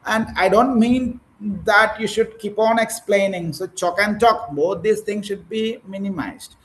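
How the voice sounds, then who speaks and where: High-voiced man coaching teachers. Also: slight background noise, low-quality recording. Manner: encouraging, corrective, many fillers. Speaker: English teacher trainer. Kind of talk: online training session, coaching teachers.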